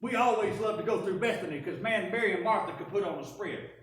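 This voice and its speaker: A woman preaching a first-person dramatic sermon, telling the story in an animated, wry way. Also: medium pitch, fast, crowd noise. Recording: echoey church from a distance.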